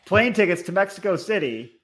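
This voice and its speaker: A man's voice: high-pitched, lively intonation, brisk, fairly bright tone. A man co-hosting a podcast, chatting casually about reality TV and telling stories from his own life with frequent laughs. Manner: storytelling, laughs often. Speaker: podcast co-host. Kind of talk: casual chat recapping reality TV.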